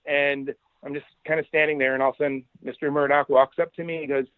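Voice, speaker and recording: A middle-aged man, a podcast guest, telling career stories in a casual, animated way and quoting people along the way. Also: a little high, quick pace, dry recording. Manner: animated, anecdotal, quotes people in his stories. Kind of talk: casual storytelling interview. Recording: dry, tinny phone-like line.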